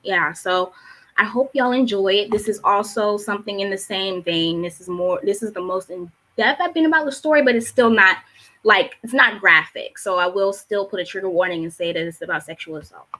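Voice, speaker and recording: Bright-voiced Baltimore woman poet. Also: medium pitch, brisk. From Baltimore, USA. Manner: rhythmic, emphatic poetry delivery. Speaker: spoken word poet. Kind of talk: spoken word performance and casual chat. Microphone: streaming on a live online show.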